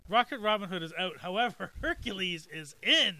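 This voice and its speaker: A man's voice: high voice, expressive, brisk, bright, forceful tone. A man hosting a casual comic book chat, talking loosely with fillers and frequent laughs. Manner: chatty, laughs often, trails off with fillers. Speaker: comic book show host.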